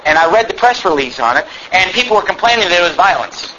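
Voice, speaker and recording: Emphatic high-voiced male preacher. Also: sing-song, quick pace, lo-fi sound, noisy background. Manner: emphatic, sarcastic, reads scripture aloud with rising intensity. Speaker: pastor. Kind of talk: sermon.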